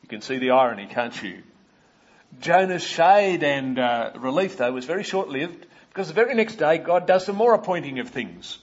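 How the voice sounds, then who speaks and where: Australian man preaching, husky, lo-fi. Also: a little high, animated. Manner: measured and explanatory, with frequent "uh" fillers and asides to listeners. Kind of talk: expository sermon.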